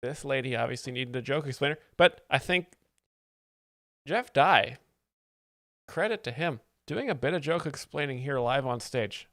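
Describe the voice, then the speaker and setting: A man hosting a stream as a mock-serious joke explainer, giving deadpan commentary on stand-up clips. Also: medium pitch, moderate pace, long pauses, no echo, clean studio sound.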